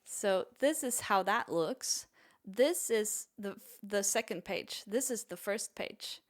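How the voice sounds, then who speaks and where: A woman's voice: mid-range voice, slow pace. A woman musician chatting casually on her stream in a rambling, self-deprecating way.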